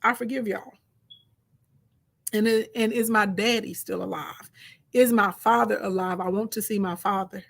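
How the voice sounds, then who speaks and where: A man's voice: high-pitched, fairly even intonation, moderate pace, creaky, pauses often, a bit bright, full character voice. A woman voicing a forgiving brother in power. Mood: emphatic. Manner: emphatic, streetwise phrasing.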